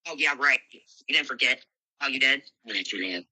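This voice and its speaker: A brash woman runs a live stream, moderating and scolding callers with a foul mouth. Her voice is intensely bright and forceful, with a dry, close sound and no room around it. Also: extremely low pitch, animated, moderate pace, dry recording, poor audio. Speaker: livestream host.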